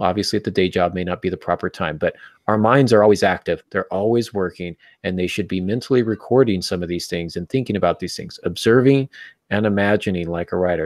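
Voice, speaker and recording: A man hosting a podcast about writing, giving advice in an energetic, emphatic way. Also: low-pitched, dry recording, studio quality. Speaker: podcast host.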